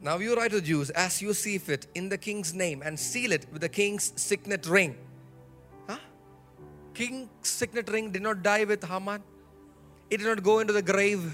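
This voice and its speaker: A pastor preaching from the pulpit with a high voice. He leads his congregation in call-and-response and repeats key phrases with rising emphasis. Soft music plays faintly underneath him. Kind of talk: sermon. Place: church sanctuary.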